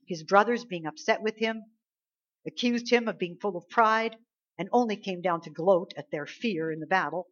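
A woman's voice: mid-range voice, normal speed. A woman preaching a sermon, exhorting her listeners emphatically, with her volume rising and falling. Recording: slightly dull lo-fi recording.

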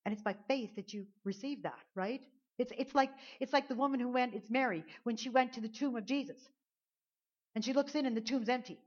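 A woman's voice: a little high, a little fast. A woman pastor preaching a sermon at a church service, earnest and conversational, often repeating words as she builds a point. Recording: dull lo-fi sound.

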